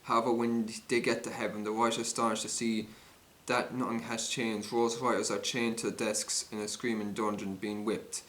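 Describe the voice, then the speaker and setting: A man's voice: lowish voice, little pitch movement, normal speed, fairly bright tone. A man reading a string of jokes and quips aloud, often stumbling and restarting. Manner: stumbling, frequent restarts and self-corrections. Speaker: joke reader.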